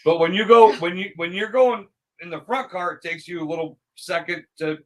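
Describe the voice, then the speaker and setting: A man's voice: sits high, normal speed, low-quality recording. A middle-aged man in casual chat, telling stories with swearing and frequent laughter. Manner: animated storyteller, swears, laughs often.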